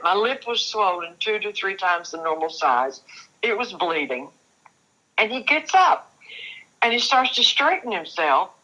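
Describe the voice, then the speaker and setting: This is poor audio of an older woman with a medium-pitched, sharp-toned voice. Appearing as an interview show guest, she tells her own story sincerely, stopping and beginning her sentences over repeatedly.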